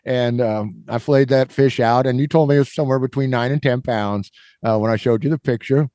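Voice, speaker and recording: A man's voice: medium pitch, a little fast, dark tone, dry recording, studio quality. A middle-aged man hosting a podcast and telling a rambling story, full of fillers and acting out the people in it. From Kansas, US. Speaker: podcast host. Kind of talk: casual storytelling.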